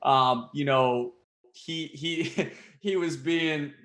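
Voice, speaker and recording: A man's voice: a little high, extremely slow, fairly bright tone. A young man, a pro baseball player, chatting casually as a guest with frequent laughs and fillers. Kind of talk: casual interview chat. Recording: echoey room.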